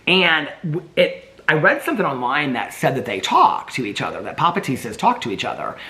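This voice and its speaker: Chatty man with a bright, animated voice. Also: on the high side, fairly quick. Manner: chatty, rambling, baby-talks to his dogs. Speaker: vlogger. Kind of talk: casual chat. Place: home.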